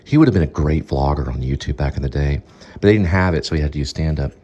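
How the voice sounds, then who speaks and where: A man's voice: very deep voice, fast, warm tone, breathy edge, dull audio. A man casually recommending something, rambling and searching for words as he talks.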